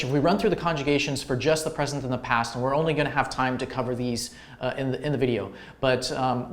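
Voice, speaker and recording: A man teaching language grammar to viewers, talking in a relaxed, explanatory way with many fillers and restarts. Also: mid-range voice.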